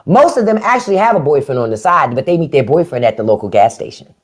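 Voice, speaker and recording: A woman's voice: sits low, sing-song, fast. A woman hosting a live stream in an unfiltered, profane and sarcastic rant, with features. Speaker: livestream host.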